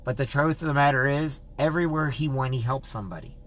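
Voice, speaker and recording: Man vlogger, earnest, conversational, moral storytelling, mid pitch. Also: fast, a little hiss or hum. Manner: earnest, conversational, repeats himself.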